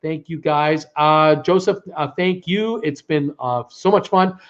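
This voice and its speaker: A man hosts a live stream in a slightly high, tiring voice, rambling warmly through thank-yous with plenty of filler sounds. The audio is dull and lo-fi, like a basic stream mic. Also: measured pace. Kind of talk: casual live-stream sign-off.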